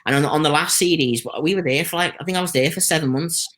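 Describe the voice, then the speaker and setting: A Liverpool man chats freely as an interview guest, rambling through warm stories. His voice sits a little higher than most men's, and he slips into quick impressions of the people he met. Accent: Liverpool (Scouse). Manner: chatty storytelling, lively anecdotes with quoted voices. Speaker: stuntman guest. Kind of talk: casual interview chat.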